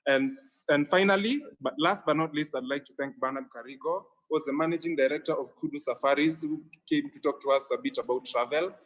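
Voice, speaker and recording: A man's voice: a little high, low-quality recording. A young man co-hosting a live online conference, upbeat and grateful, sometimes stumbling over his words. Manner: upbeat, thankful, a little halting. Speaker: conference co-host.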